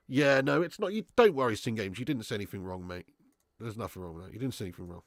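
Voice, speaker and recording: A man's voice: fairly low pitch, animated, fast talker, dry recording, clean studio sound. A man hosting a casual live watch-along stream, bantering with chat, reading out super chats and swearing freely.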